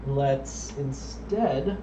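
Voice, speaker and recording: Here a young man streams himself building a computer at home, chatting in a medium-pitched voice at an extremely slow pace. His talk wanders, full of ums, and he often moves off the mic. Faint noise runs under the dull, lo-fi sound.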